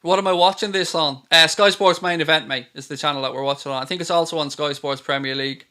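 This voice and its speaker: A man's voice: a little high, steady tone, quick pace, bright, forceful tone. A man hosting a live football watchalong stream, ranting and swearing at trolls with sarcasm.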